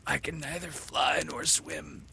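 A man's voice: a little high, little pitch movement, measured pace, creaky, a little hiss or hum, pitched above the performer's own voice, full character voice. A man voicing a brave young boy who is wounded and weak, speaking faintly in a storybook reading. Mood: weary. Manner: quiet, faint and tired. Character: wounded boy hero, brave but weakened.

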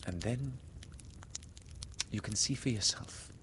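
A man doing a soft, faltering grown woman. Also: fairly low pitch, slow. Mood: sad, tender. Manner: soft, faint and hesitant. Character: grown young woman, gentle and guilt-stricken. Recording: reverberant room, faint hiss.

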